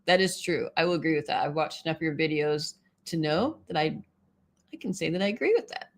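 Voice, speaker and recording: A woman's voice: low-pitched, expressive, a little fast. A woman hosting a casual live stream, chatting with viewers, often laughing and reading their comments aloud.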